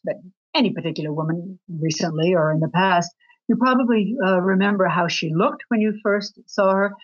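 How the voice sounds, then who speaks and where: A woman answering interview questions as a guest author on attraction, talking expressively with her pitch jumping up for emphasis. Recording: dull lo-fi recording.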